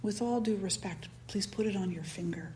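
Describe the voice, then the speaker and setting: A woman voicing a humble old-fashioned ring maker who speaks softly and respectfully to a king. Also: medium pitch, moderate pace, lightly acted. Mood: gentle.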